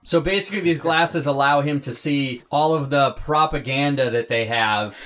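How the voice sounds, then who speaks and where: A man's voice: fairly high pitch, moderate pace, a bit bright, slight background noise. A man in a casual chat explaining a film at length, stumbling over restarts as he goes.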